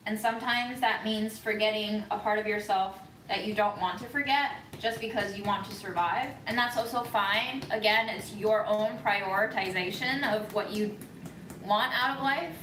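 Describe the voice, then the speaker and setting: A woman vlogger giving an earnest, thoughtful monologue, speaking slowly with frequent pauses and ums. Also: a little high, steady tone, a bit bright, roomy sound, a little hiss or hum, rough recording. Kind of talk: reflective monologue.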